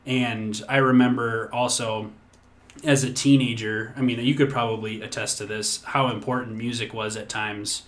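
A man's voice: medium pitch, flat delivery, normal speed, fairly bright tone. Rambling, swearing male podcast co-host. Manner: rambling, swears freely, many restarts. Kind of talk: casual podcast chat.

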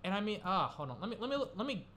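A man's voice: high-pitched, big pitch swings, very fast, pushed and bright, a little hiss or hum. A young man rambling through casual solo commentary, swearing and getting worked up as he goes. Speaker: gaming commentator.

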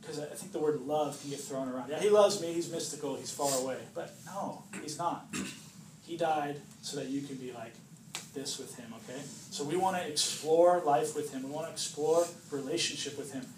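Guy preaching casual to a small group, kinda high voice, far from the mic, echoey room with noise behind. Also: normal speed. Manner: chatty, jokes and acts out voices, asks "right?" often. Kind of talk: informal sermon to a small group. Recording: roomy distant recording with background noise.

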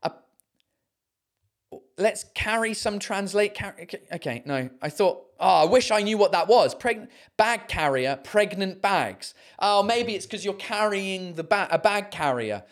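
On their own podcast, a host chats casually and reads listener messages, sounding expressive, giggly and amused, with bursts of high laughter and casual swearing. They slowly sound out French and German words.

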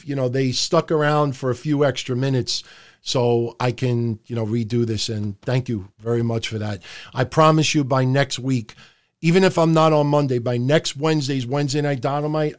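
A middle-aged podcast host talks at a moderate pace in a medium-pitched voice during a casual live stream. He rambles loosely and profanely from a home room lit by hot lights.

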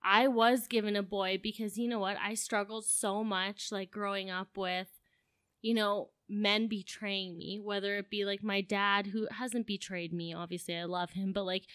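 A woman's voice: mid-range voice, steady tone, moderate pace, a bit bright, smooth, no echo, studio quality. A young woman co-hosting a podcast, talking earnestly and emotionally in casual chat, with lots of "like.". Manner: earnest, emotional, heavy use of "like". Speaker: podcast co-host.

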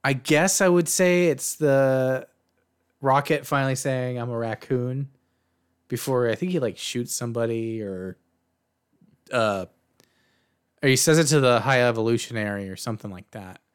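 A young man co-hosting a casual movie review podcast, animated and swearing freely, retelling scenes with quoted lines. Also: medium pitch, moderate pace, clean tone. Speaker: podcast co-host.

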